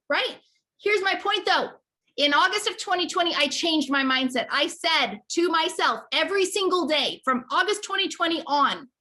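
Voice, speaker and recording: A woman's voice: sits high, pushed and bright. A woman business coach giving a passionate motivational talk, emphatic and repeating herself for effect.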